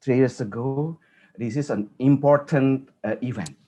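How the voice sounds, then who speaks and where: A man with an Indonesian accent telling an earnest personal story at a conference, halting and restarting often. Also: mid-range voice, dark tone. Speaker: conference speaker.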